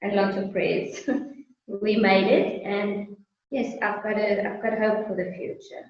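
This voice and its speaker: A woman's voice: medium pitch, flat delivery, slow pace. A South African woman talking as a guest business owner in a friendly, casual interview, laughing often. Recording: echoey, distant, muffled sound.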